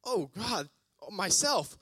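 A man's voice: high voice, slow pace, breathy edge, dry recording, heavily acted. A man voicing God in heaven as a playful, chatty figure who delights in being sung to. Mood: amused. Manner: excited, chatty, exclaiming.

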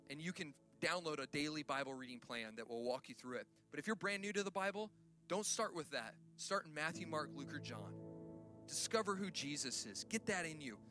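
A man preaching a sermon as pastor, building from quiet stories up to loud, shouted emphasis. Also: a little high.

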